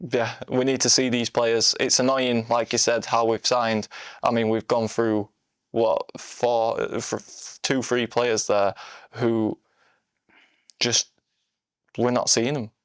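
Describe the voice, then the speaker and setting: A man's voice: mid-range voice, little pitch movement, slow, clean tone, no echo, clean studio sound. A man, co-hosting a casual football podcast, talking bluntly and laughing often. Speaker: podcast co-host.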